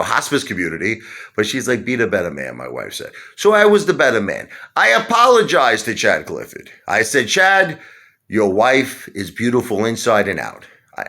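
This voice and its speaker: A man's voice: medium pitch, bright, forceful tone. A man telling a rambling story to his viewers, stopping often to quote other people. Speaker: YouTuber. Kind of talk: casual rant to camera.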